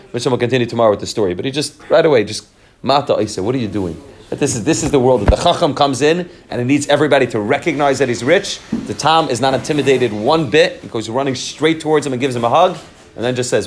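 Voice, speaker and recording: Fast-talking man teaching a story. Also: mid-range voice, background noise. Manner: animated, repeats words and phrases, mixes in Hebrew and Yiddish terms. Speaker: Torah teacher.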